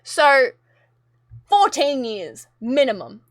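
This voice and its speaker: A woman's voice: sits high, very animated, slow pace, dry recording, clean studio sound. A young woman streamer talking casually to her live chat, ranting in an exasperated, rambling way, with plenty of swearing.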